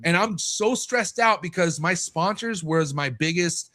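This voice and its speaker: A man's voice: sits high, lively intonation, unhurried, bright, forceful tone. A man in his thirties talking as a podcast guest in casual chat, candid and swearing freely, acting out what people said to him.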